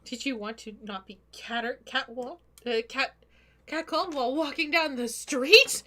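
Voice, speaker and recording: A woman's voice: high-pitched, normal speed, bright, forceful tone. A woman chatting on a livestream, laughing often as she talks. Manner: laughs a lot, giggly. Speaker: co-host. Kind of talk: casual chat on a livestream.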